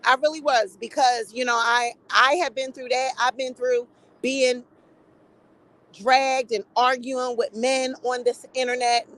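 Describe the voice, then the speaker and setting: Middle-aged woman, high-pitched, blunt and salty, running casual gossip commentary. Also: unhurried, no echo, low-quality recording. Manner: blunt, profane, animated gossip talk. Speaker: commentary vlogger.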